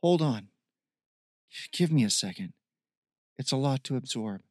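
A man's voice: mid-range voice, animated, a little slow, dry recording. A man reading an audiobook voices a young man recovering from wounds who speaks wearily, with dry humor. He stays close to his own voice for this role. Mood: weary.

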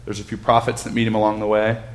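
A man's voice: lowish voice, completely flat delivery, quick pace. A man leading a casual bible study. He asks the group questions and reads scripture aloud with rising emphasis.

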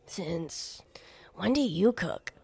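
A woman playing a raspy old Southern waitress. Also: on the low side, expressive, very slow, a little mellow, dry recording, heavily acted. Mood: sarcastic. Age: older. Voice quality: raspy, gravelly. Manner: blunt and sarcastic, sometimes muttering under her breath. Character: old chain-smoking diner waitress, toothless and blunt.

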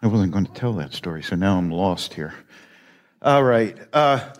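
A man's voice: mid-range voice, expressive, slow pace. A middle-aged man giving a conversational, folksy sermon as a lay preacher, rambling a little and chuckling between thoughts. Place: church sanctuary.

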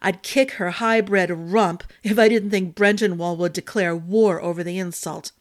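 A woman's voice: medium pitch, a little slow, lightly acted. A woman voicing a spiteful young king who growls and snaps his words. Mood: furious. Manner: growling, clipped and forceful.

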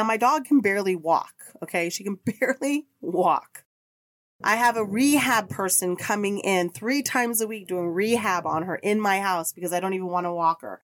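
In a mid-range voice, a middle-aged woman recounts something personal on her podcast, earnest and rambling with plenty of feeling. The audio has studio quality and no echo.

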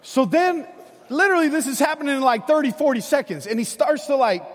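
A middle-aged male pastor with a notably high voice, preaching to his congregation. He slips into animated, conversational storytelling. His voice rings out with a long reverb in a large hall. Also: a little fast. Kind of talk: sermon.

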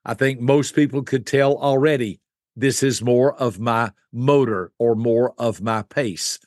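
An older man, a guest expert, explaining personality types in an animated teaching style, acting out quick voices. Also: medium pitch, dry recording, clean studio sound.

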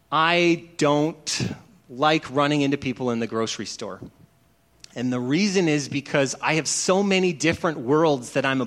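A man's voice: a little high, a bit bright. A man who is a pastor, giving a conversational sermon and telling stories that act out dialogue. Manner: chatty storytelling, acts out dialogue.

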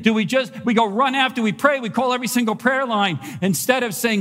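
A male pastor preaching a sermon in a church, animated and conversational, repeating phrases for emphasis. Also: extremely high pitch, fast, few pauses. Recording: long reverb of a large hall.

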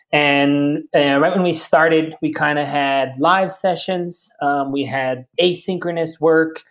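Relaxed, friendly man teacher as a guest. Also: a little high. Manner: relaxed and friendly, many fillers. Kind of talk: casual interview talk.

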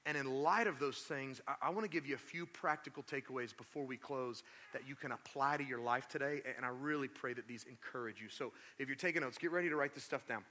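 A male pastor preaching a sermon, telling the story in a lively, conversational way with asides to the congregation. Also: medium pitch, fast, hardly any pauses. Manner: animated storytelling, acts out quotes.

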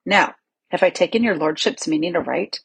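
A woman reading the part of a cunning, smooth-talking male lord with a measured, insinuating manner. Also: lowish voice, lively intonation, a little hiss or hum.

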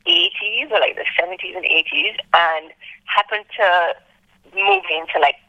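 A woman's voice: moderate pace, no room sound, lo-fi sound. A young woman from Antigua, a travel blogger telling her story as an interview guest and acting out what people said to her. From Antigua, Caribbean. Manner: lively, acts out quoted speech with big jumps in pitch.

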